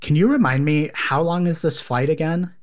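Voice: mid-range voice, moderate pace. An interviewer asking curious follow-up questions, reacting with short prompts. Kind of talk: conversational interview.

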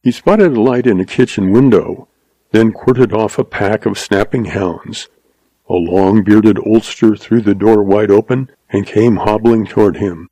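A man narrating a western audiobook in a steady storytelling voice. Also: fairly low pitch, unhurried, no echo, low-quality recording.

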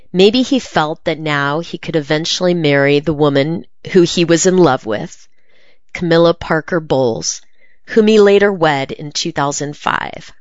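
Low-voiced woman reading an article. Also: no room sound, lo-fi sound. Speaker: article reader. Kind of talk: reading a magazine interview aloud.

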